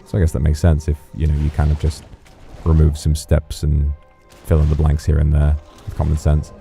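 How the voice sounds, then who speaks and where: A man's voice: very deep voice, completely flat delivery, normal speed, vocal fry, warm tone, soft background music. A man casually commentating as he streams a game, rambling and swearing playfully.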